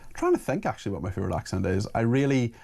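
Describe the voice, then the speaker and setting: A man's voice: mid-range voice, big pitch swings, very fast, vocal fry, darkish tone, breathy edge. A man hosting a talk radio interview, speaking in a conversational, somewhat hesitant way. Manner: conversational, hesitant, with filler restarts.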